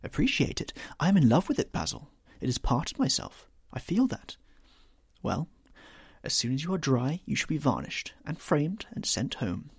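A man's voice: a little high, big pitch swings, moderate pace, breathy edge, no echo, studio quality, voice pushed up, heavily acted. A man reading the part of an anguished, vain young man who dreads growing old, pleading and rising to despair. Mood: impassioned.

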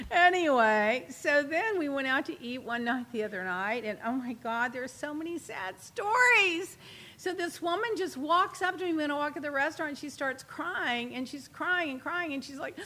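Woman, host, high voice, bright, gossipy, laughing storyteller, casual chat. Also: moderate pace. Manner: chatty, gossipy, laughs often, animated retelling.

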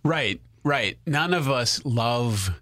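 A man's voice: mid-range voice, lively intonation, slow, fairly bright tone, no echo, clean studio sound. A man hosting a casual conversation, asking questions and reflecting aloud, often repeating words as he thinks.

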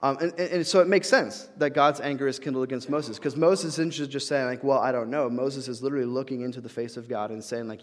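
A man's voice: medium pitch, steady tone, fast, few pauses. A young adult man preaching a conversational sermon, with casual fillers and restarts, acting out quoted voices. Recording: long hall reverb.

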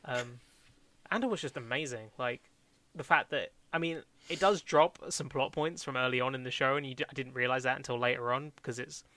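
A man's voice: medium pitch, a little fast, pushed and bright. A young man chatting casually about TV shows as a podcast co-host, rambling with lots of fillers, restarts and laughs. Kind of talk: casual chat reviewing TV shows.

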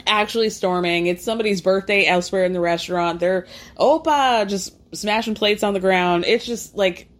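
Woman for a chatty recap, lively, voices each quote, salty language. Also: mid-range voice, moderate pace. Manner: animated, acts out quotes, swears freely. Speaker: reality TV recapper. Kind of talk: casual storytelling recap.

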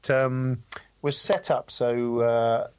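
A man's voice: medium pitch, flat delivery, takes it slowly, a little mellow, smooth, muffled recording. Rambling man, former display pilot. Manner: rambling, many restarts and fillers. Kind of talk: casual chat.

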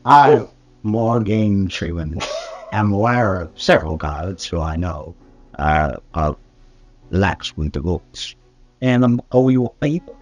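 A man's voice: low-pitched, lively intonation, a little slow, faint music behind. A man doing a weary giant prison inmate. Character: towering male prison inmate, calm and weary.

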